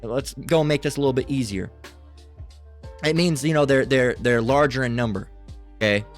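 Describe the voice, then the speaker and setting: A man's voice: medium pitch, moderate pace, faint music behind. A man giving an agitated, profane Bible lesson, ranting angrily and reading scripture between outbursts. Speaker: Bible teacher.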